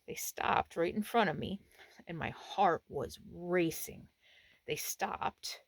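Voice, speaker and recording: A woman's voice: on the low side, takes it slowly, creaky, no echo. A woman RV vlogger telling a story to the camera from inside her camper, acting out what was said. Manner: animated retelling, acts out quotes. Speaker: RV travel vlogger.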